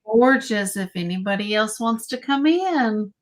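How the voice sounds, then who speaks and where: A woman's voice: a little high, lively intonation, measured pace. A woman hosting a live online vintage sale, praising items enthusiastically and announcing upcoming shows.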